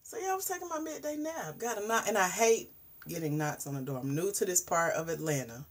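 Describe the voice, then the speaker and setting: Woman, forties, husky, livestream host, animated chatter with hushed asides. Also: lowish voice, a little fast. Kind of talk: casual livestream chat.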